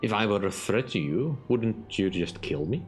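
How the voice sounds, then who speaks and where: A man's voice: fairly low pitch, lively intonation, normal speed, close to an everyday voice. A man voicing a blunt, questioning young male bard hero in a game, with game music behind him.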